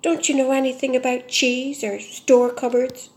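A sneering storybook rat, blunt and dismissive, with a lowered, scoffing voice, as a woman puts him on. He cares only for food and has no patience for stories. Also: level tone, moderate pace, a little mellow. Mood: scornful. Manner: contemptuous, blunt.

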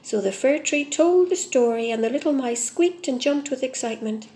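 A woman narrating a fairy tale with a slightly raised, gentle voice. She reads at a measured pace, in a calm storybook manner. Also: sits high, roomy sound. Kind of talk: storybook reading.

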